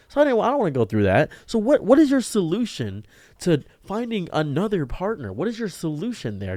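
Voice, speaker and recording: A man telling a diary-style story to camera in an exasperated, ranting way, his voice jumping up sharply in pitch. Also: big pitch swings, fairly quick, a little mellow, no echo, studio quality. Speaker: streamer and video diarist.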